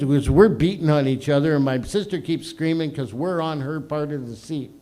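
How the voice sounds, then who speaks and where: Profane middle-aged comedy host. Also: male voice, on the high side, normal speed, darkish tone. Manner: profane, rambling, crude storytelling. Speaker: open mic host and comedian. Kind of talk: stand-up comedy storytelling. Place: small comedy stage.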